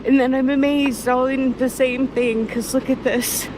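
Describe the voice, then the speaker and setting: A woman in her sixties talking slowly in a rambling, emotional vlog, often close to tears and laughing softly. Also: high-pitched, fairly even intonation, background noise. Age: 60s. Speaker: vlogger. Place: outdoors by the water.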